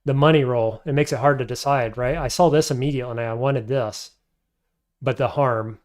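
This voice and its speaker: A man's voice: mid-range voice, brisk. Man thinking aloud on a game stream. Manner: thinks aloud, weighing options and answering chat. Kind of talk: casual live-stream commentary.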